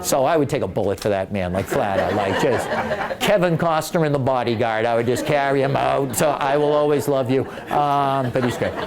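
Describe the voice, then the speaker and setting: Animated joking man telling stories. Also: medium pitch, fairly quick, gravelly, crowd noise. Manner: animated, joking, acts out quoted voices. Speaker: author giving a library talk. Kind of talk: casual storytelling talk to an audience. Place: public library meeting room.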